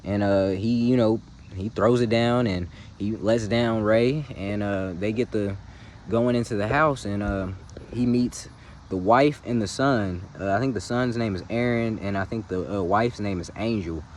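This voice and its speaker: A man's voice: on the low side, a little slow, a little hiss or hum. A man casually retelling a film's plot in slangy, loose talk, often checking in with the listener. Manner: slangy, loose, full of "you feel me" asides. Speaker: movie recap host. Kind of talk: casual film recap.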